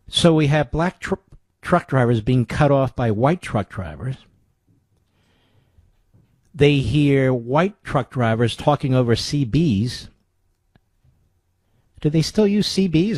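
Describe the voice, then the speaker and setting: A man's voice: mid-range voice, darkish tone, no echo. A man in a radio studio delivers a combative talk radio monologue, his mid-range voice close and dry on the microphone. He pushes rhetorical questions and sarcasm at the listener without letting up. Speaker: radio talk show host.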